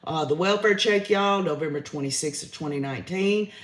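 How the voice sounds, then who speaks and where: A man's voice: a little high, fairly quick, a bit bright, roomy sound. A man, hosting a livestream, giving his opinions in a chatty way and reading out viewer comments. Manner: chatty, opinionated, says y'all often. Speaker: livestream host reading chat.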